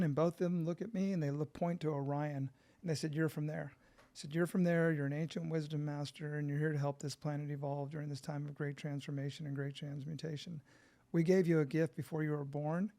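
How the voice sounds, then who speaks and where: A middle-aged man from California, a podcast guest, telling his story in an animated, profane way and acting out quotes. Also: fairly high pitch.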